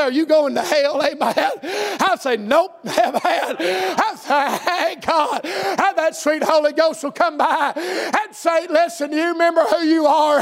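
A man preaching a fervent revival sermon, shouting in rhythmic bursts punctuated by amens. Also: very high-pitched, creaky. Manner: shouting, rhythmic call-and-response with frequent amens.

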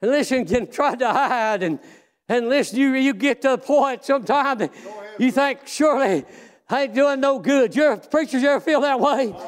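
A man preaching a fervent sermon in folksy, plain speech, breaking often into shouts and drawn-out exclamations. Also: extremely high pitch.

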